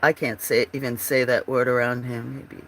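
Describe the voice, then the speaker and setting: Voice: mid-range voice, flat delivery, normal speed, a bit bright, slight background noise. A livestream host chatting casually while drawing at home, laughing often and trailing off mid-thought. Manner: giggly, laughs often, rambling.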